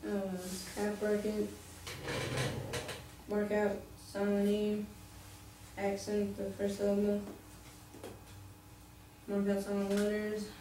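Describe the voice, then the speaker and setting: A woman's voice: medium pitch, monotone, slow, long pauses. A woman student reading aloud, reciting the steps of coding words in a methodical way. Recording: very echoey, distant, faint noise.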